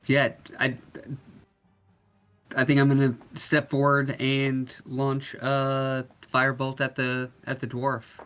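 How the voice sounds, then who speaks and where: A man playing a tabletop game, hesitant and pausing often. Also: mid-range voice, completely flat delivery, fairly bright tone, smooth, faint music behind. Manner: hesitant, many pauses. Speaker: player. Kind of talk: casual tabletop play.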